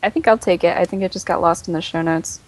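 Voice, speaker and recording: A woman on a podcast reading out a listener's letter in a brisk, teasing way. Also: lowish voice, fairly even intonation, no echo, rough recording. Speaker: guest.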